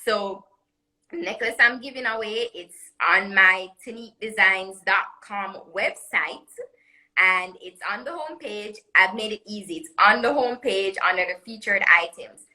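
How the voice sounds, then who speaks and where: A woman's voice: mid-range voice, moderate pace, bright, forceful tone, poor audio. A woman with a Caribbean accent, a jewelry designer chatting as a guest in a live online interview, laughing often as she promotes her products. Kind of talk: live social media interview. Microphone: phone or webcam on live video call.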